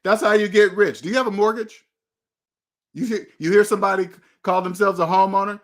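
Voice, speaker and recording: A man's voice: high voice, steady tone, fairly quick. A man hosting a motivational money talk, preachy and emphatic, driving points home with repeated questions. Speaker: host.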